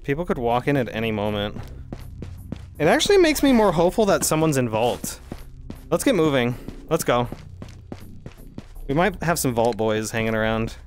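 A man streaming a game live, thinking out loud and talking straight to his chat as he plays. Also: mid-range voice, sing-song, moderate pace, pauses often, soft background music. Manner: chatty, thinking aloud while playing. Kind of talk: live gameplay commentary to chat.

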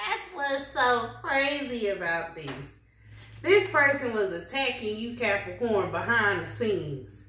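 A woman reads tarot in a casual, blunt, slangy style with frequent laughs. Her voice sits fairly high and is delivered slowly. The recording is roomy, with a faint hiss behind it. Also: bright, forceful tone. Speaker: tarot reader. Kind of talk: casual tarot reading to viewers. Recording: echoey room with faint noise.

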